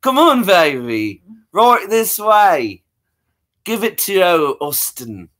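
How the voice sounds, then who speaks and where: A man voicing a smug, flirty swinging spy with a slow suggestive drawl. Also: sits high, very animated, fairly bright tone, voice pushed up, exaggerated voice.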